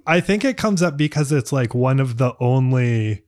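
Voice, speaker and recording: A man's voice: mid-range voice, normal speed, no echo. Podcast guy, easygoing and chatty, lots of uhs, middle voice, dry close mic. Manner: relaxed, chatty, with filler words. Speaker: podcast co-host. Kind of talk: casual podcast chat.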